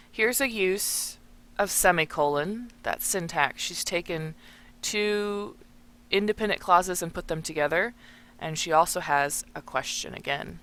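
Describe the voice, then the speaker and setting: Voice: medium pitch, lively intonation, unhurried, long pauses, sharp tone. A teacher walking through a text in a recorded lesson, explaining and thinking aloud while annotating it.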